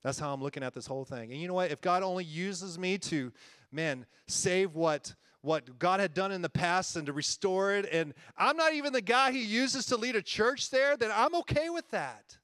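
A man's voice: high voice, moderate pace, fairly bright tone, no room sound, clean studio sound. A man preaching a conversational sermon as a church-planting pastor, earnest and folksy, often chuckling and repeating himself.

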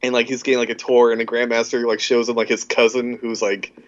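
A man with a mid-pitched voice co-hosts a casual podcast and retells his favorite film scenes, laughing along. He sounds relaxed, and the recording is dull and lo-fi. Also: fast. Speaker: podcast co-host. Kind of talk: casual chat.

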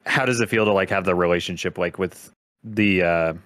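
A man's voice: sits low, fairly quick, fairly bright tone, no room sound, studio quality. A man interviewing a narrator over a video call, asking questions in a hesitant way packed with fillers. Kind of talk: casual interview chat.

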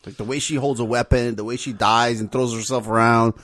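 A man's voice: medium pitch, fairly even intonation, a little fast, fairly bright tone, dry recording, studio quality. A man co-hosting a casual movie podcast, blunt, teasing and opinionated. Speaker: podcast co-host.

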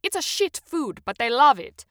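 A woman's voice: high voice, sing-song, moderate pace, sharp tone, no echo, clean studio sound, voice pushed up, full character voice. A woman putting on a strong Italian accent to voice a blunt female veterinarian. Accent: Italian, put on.

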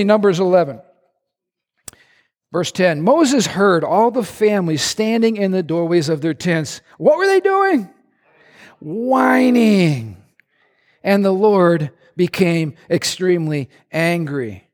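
A male pastor preaching a sermon in a church, animated and conversational with a humorous streak. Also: sits high, a little slow, long reverb tail.

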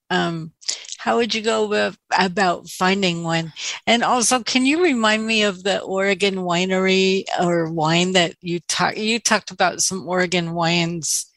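A woman's voice: fairly low pitch, a bit bright, no echo, rough recording. A woman asking questions in a casual conversation, hesitant and searching for her words. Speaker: audience member asking questions.

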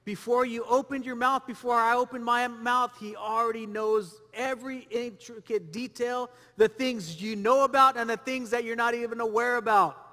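Male pastor, bright ringing tone, repetitive sermon delivery in a reverberant hall. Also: extremely high pitch, steady tone, normal speed, hardly any pauses. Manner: preaching with rhetorical questions and repetition.

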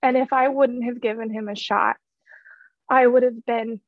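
A woman's voice: on the high side, steady tone, normal speed, narrow, tinny audio, slight background noise. A woman in her thirties telling a heartfelt personal story in an earnest way, with many fillers and restarts. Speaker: guest sharing her story.

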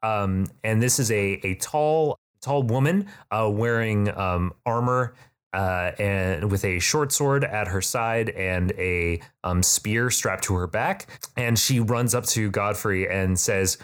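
A man's voice: on the low side, slow pace, clean tone. A man narrating as game master of a tabletop game in rambling narration full of fillers.

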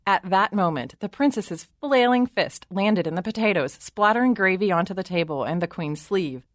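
A woman storyteller reading a children's story aloud with expressive narration. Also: fairly low pitch, moderate pace, hardly any pauses, dry recording, clean studio sound.

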